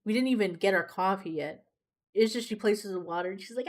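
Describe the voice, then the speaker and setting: A woman's voice: mid-range voice, fairly quick. A young woman streamer chatting casually while she draws, rambling and swearing freely. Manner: rambling, swears freely, laughs at her own stories. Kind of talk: casual chat while drawing on a livestream.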